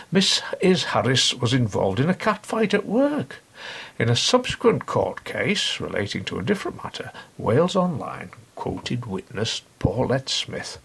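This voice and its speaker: A man's voice: mid-range voice, vocal fry, a bit bright, breathy edge. A middle-aged man hosting a podcast, reading a scripted satirical review in a dry, sardonic, mock-pompous manner. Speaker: podcast host.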